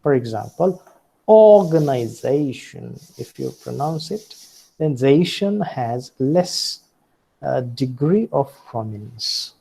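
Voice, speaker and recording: Man, Indian English accent, lecturer, slow and deliberate, husky, dark tone. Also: mid-range voice, animated, poor audio. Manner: deliberate, with frequent fillers and self-corrections. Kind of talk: recorded phonetics lecture.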